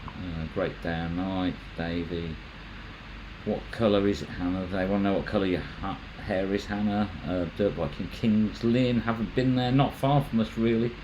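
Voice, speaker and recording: A lower-voiced man hosts a casual livestream. He chats in a loose, rambling way, trips over his words and restarts his sentences as he reads out viewer comments. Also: fairly even intonation, moderate pace, muffled recording, noisy background. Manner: chatty, rambling, stumbles and restarts. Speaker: magnet fishing channel host.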